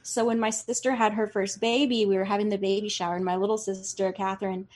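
A woman in her forties, a podcast guest, telling a family story excitedly and acting out the voices. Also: mid-range voice, fast talker. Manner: excitable, animated storyteller who acts out voices. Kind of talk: storytelling in casual chat.

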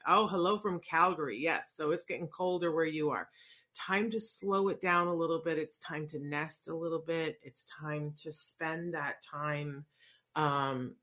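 A woman's voice: low-pitched, fairly bright tone. A middle-aged woman hosting a casual livestream, talking in a chatty, rambling way that keeps interrupting itself. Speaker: livestream host.

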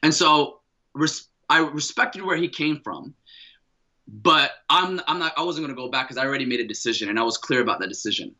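A man's voice: mid-range voice, expressive, a little fast, pushed and bright, low-quality recording. A man in his thirties, a podcast guest, telling a personal story with energy, slang and many repeated words.

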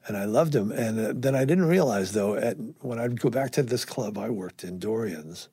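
An older man, a guest musician, telling anecdotes in an animated way, acting out dialogue and swearing casually. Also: fairly low pitch, husky, no room sound. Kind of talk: anecdotal storytelling.

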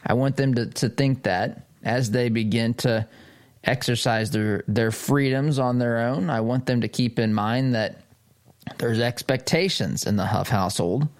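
Sarcastic, animated male commentator. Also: unhurried. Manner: sarcastic, animated, pitch jumps up for emphasis. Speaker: host of a political commentary show. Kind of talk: opinion commentary, reading and reacting to an article.

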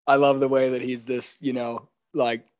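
A man hosting a casual podcast conversation, telling animated stories and acting out quotes with laughter. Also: mid-range voice, moderate pace. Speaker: podcast host. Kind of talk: casual chat.

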